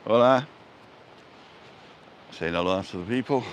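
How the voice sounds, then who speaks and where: A man's voice: fairly low pitch, a little slow, slight background noise. Joking man chatting on a walk. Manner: chatty, self-mocking, punning jokes. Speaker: vlogger and live-stream host. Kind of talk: casual walking live-stream chat. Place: outdoors, walking along a street in a seaside resort. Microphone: handheld phone camera.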